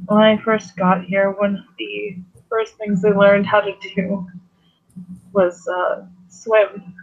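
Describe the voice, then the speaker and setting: A man voicing a shy, awkward young woman who is new to the place, talking haltingly with many pauses and fillers. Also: high voice, little pitch movement, vocal fry, muffled recording, heavily acted. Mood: sheepish. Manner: hesitant, halting with fillers and laughs. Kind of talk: tabletop role-play in character.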